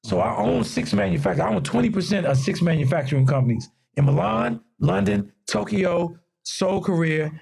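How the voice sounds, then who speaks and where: A gravelly, husky man with a Mid-Atlantic American accent tells stories on a casual podcast, his voice sitting a little high for a man. He acts out quoted people with lively energy. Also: a little fast, hardly any pauses. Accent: Mid-Atlantic US (DMV). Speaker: guest fashion designer.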